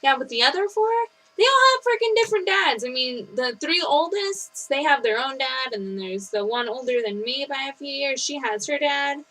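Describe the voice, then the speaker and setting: A woman in her twenties vlogging casually to camera, telling stories with animated, mock-outraged energy. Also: sits high, normal speed, few pauses, poor audio. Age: 20s.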